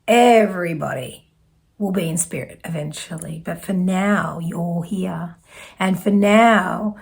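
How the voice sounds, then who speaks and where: A woman from Australia speaks as a psychic medium, delivering spiritual messages to her viewers. Her talk is slow and gentle, with phrases that trail off softly and small self-corrections. A gravelly edge runs through her mid-pitched voice. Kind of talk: spiritual message reading to camera.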